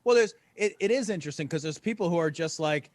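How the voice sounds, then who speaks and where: A man co-hosts a casual podcast, joking and acting out other people's voices as he talks. His voice sits a little high and bounces around in pitch, and the recording is dry and close. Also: quick pace, dry recording. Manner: lively, joking, acts out quoted voices. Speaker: podcast co-host. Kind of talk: casual chat.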